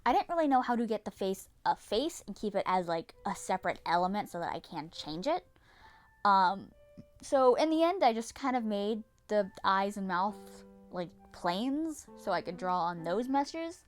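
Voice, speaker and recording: A woman's voice: mid-range voice, big pitch swings, moderate pace, faint music behind. A young woman narrating her vlog in a casual, dramatic way, swearing and repeating herself often. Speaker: vlogger.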